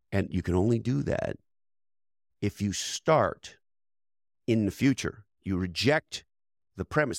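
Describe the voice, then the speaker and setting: Gravelly, emphatic male podcast guest. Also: mid-range voice, no room sound, studio quality. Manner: emphatic and persuasive, punchy rhetorical questions. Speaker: podcast guest, category design expert. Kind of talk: energetic interview talk.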